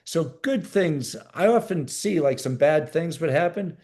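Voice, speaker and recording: A man's voice: a little high, expressive, a little slow, a little mellow. A man who served as a military medic, telling a story in a podcast interview in a plain-spoken way with frequent repeats and restarts. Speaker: podcast guest, former Navy SEAL medic.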